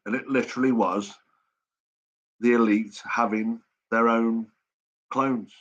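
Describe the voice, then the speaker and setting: Middle-aged man, live stream host, casual late-night chat, rambling, constant swearing, mid-pitched voice, slightly muffled lo-fi audio. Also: fairly even intonation, takes it slowly.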